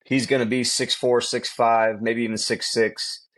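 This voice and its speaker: A man's voice: medium pitch, unhurried. A middle-aged man, a quarterback trainer, telling stories in a casual podcast chat, emphatic and repeating himself for effect. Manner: animated storytelling, emphatic, repeats phrases.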